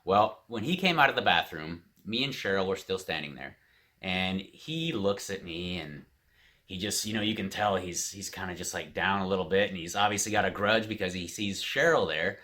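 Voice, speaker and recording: A man's voice: low-pitched, normal speed. A man casually telling a story straight to camera, quoting the people involved without changing his own voice. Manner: animated, quotes others in his own voice. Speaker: vlogger. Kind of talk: storytelling vlog.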